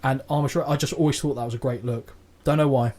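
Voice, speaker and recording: A podcast co-host with a medium-pitched voice talks at a quick pace in casual chat, reviewing an old show. He's animated, jokey, and sweary.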